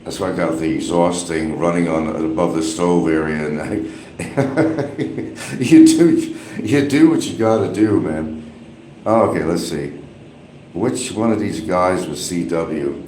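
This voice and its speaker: A man's voice: low-pitched, slow, warm tone. A man live-streaming casual, rambling, gossipy commentary from a small bathroom with an exhaust fan running. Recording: echoey bathroom, faint fan hum.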